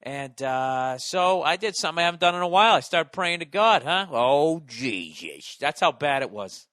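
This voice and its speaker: A man in his forties with a Boston accent, telling a stand-up story in a profane, exasperated rant with sudden loud bursts. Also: fairly high pitch, lively intonation, normal speed, no room sound, studio quality. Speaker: stand-up comedian.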